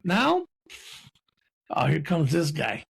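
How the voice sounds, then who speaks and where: Husky, high-voiced podcast host. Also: male voice, wildly swooping pitch, slow. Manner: laid-back, profane storytelling. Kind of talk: casual podcast conversation.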